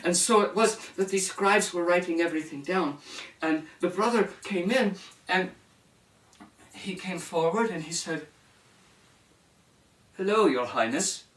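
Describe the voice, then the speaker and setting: A man's voice: high-pitched, moderate pace. A man telling a fairy tale to children, acting out the characters and speaking to his listeners as he goes. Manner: animated, shifting into character voices and addressing the audience. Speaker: storyteller. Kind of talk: storytelling for children. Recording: roomy sound from a distance.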